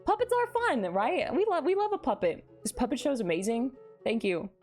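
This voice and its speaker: Bubbly high-voiced woman streamer. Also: huge pitch swings, fairly quick, a little mellow, soft background music. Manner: bubbly, giggly, reads chat and greets viewers. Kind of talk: casual live stream chat.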